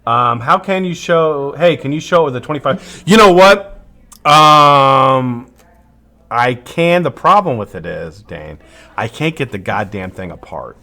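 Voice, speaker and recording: A man hosting a live stream in loose, casual chat, greeting viewers one by one and joking as he goes. His voice is bright and forceful, and his pitch swings up and down with lively energy. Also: unhurried. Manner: animated, greets viewers by name, rambling and joking; swears casually.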